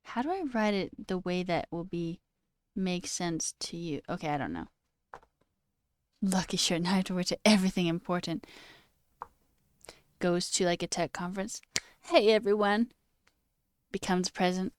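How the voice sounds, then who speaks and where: Chatty young woman streamer, low-pitched. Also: normal speed, long pauses, clean tone, dry recording, studio quality. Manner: chatty, laughs often, says okay and all right a lot. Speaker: livestream host. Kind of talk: casual stream chat.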